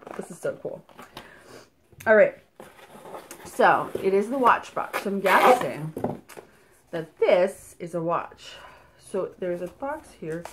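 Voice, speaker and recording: A woman vlogging casually as she unboxes a subscription box at night, chatty and excitable, gushing over each item and a little out of breath. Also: fairly low pitch, slight background noise. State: slightly out of breath. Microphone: camera mic, filming at night indoors.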